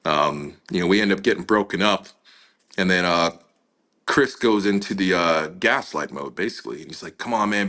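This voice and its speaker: A man's voice: low-pitched, a little fast, pushed and bright. A man, an interview guest, recounting a story in a casual, conversational way, full of fillers and acted-out dialogue. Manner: casual, many fillers, acts out quoted dialogue.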